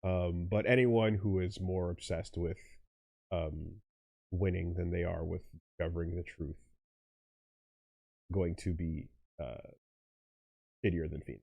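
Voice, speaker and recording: A man's voice: low-pitched, fairly even intonation, a little slow, creaky, long pauses, dry recording. A man hosting a casual let's play, rambling and restarting his sentences as he chats about the game. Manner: rambling, self-interrupting, bursts into loud laughter. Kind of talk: casual gaming commentary.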